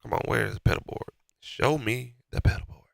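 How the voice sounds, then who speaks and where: A man's voice: mid-range voice, fairly quick, creaky, no room sound, clean studio sound. A man with a stuffy nose from being sick, giving a casual, slangy walkthrough of a beat mix and talking to himself as he works. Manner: loose and slangy, talking to himself while working. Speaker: beat maker walking through a mix. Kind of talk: casual mixing tutorial.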